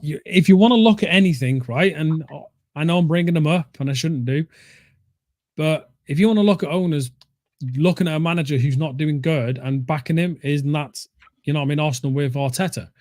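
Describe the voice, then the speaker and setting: A blunt, opinionated man chatting about football on a fan show. His voice sits a little high, and the sound is close and dry with no room echo. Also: brisk, a little mellow. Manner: blunt, opinionated, says mate a lot. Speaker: co-host of a fan talk show. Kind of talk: casual football chat.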